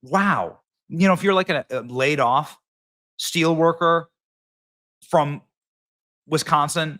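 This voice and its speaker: A man's voice: mid-range voice, sharp tone. A man hosting a political commentary show, talking in a mocking, punchy, sarcastic way.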